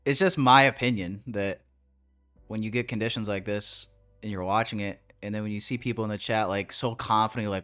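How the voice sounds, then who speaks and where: A man's voice: fairly low pitch, fairly even intonation, a little fast, fairly bright tone, faint music behind. A young man hosting a trading livestream, ranting casually and profanely at his chat with big swings in energy.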